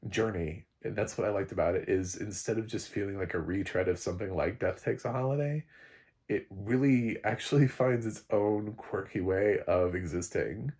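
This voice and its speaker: A man's voice: on the low side, moderate pace, darkish tone, breathy edge. A man giving a casual spoken movie review, rambling, restarting sentences and chuckling often. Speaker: film reviewer.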